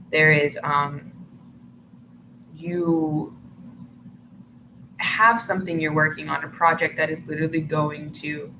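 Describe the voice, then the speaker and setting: A woman giving a casual tarot reading to her viewers, chatty and full of "like" fillers, who sometimes breaks into giggles. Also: low voice. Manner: chatty, filler-heavy, often says "like". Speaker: tarot reader. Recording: noticeable background noise.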